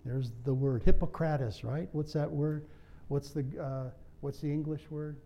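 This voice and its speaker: Slow, mellow-voiced man preaching. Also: on the high side, steady tone, gravelly, dull audio, slight background noise. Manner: conversational, self-deprecating humor and asides. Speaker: pastor. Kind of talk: sermon.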